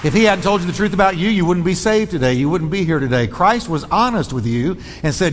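A high-pitched man preaches a bold, emphatic sermon. He presses his points hard and speeds up and slows down from line to line. His voice rings out with the long reverb of a large church hall. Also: lively intonation, slight background noise. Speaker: pastor.

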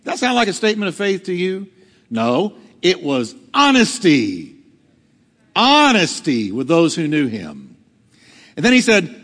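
Animated preaching man in echoey church. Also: on the high side, normal speed, pauses often. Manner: dramatic preaching, acting out quotes. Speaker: pastor. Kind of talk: sermon. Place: church hall.

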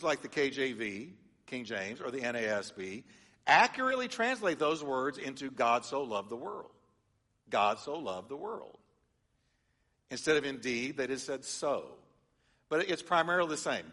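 Male pastor, lively teaching sermon, bright tone, long reverb of a church hall. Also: medium pitch. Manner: animated, engages congregation with call-and-response. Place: church sanctuary.

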